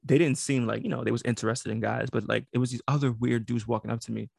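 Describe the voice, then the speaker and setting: A man's voice: mid-range voice, fast talker, vocal fry, slightly rough, dry recording, clean studio sound. A man co-hosting a casual podcast, telling stories animatedly with lots of slang. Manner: animated storytelling, heavy slang, frequent laughter. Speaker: podcast co-host.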